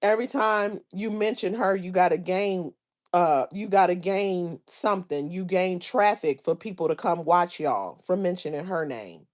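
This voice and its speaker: Low-voiced woman gossiping on a livestream. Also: moderate pace. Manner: gossipy, drawling, reads chat comments aloud. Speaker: livestream host. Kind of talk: casual commentary on online drama.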